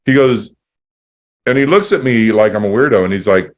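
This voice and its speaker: Low-voiced man telling a rambling story. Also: moderate pace. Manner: rambling, many restarts, acts out dialogue. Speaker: podcast host. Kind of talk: casual storytelling chat.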